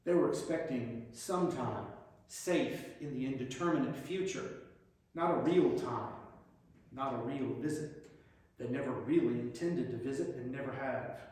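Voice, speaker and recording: Direct, reflective man at mid pitch giving a congregation reflection; far mic in a heavily reverberant hall. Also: darkish tone. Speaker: lay speaker giving a reflection.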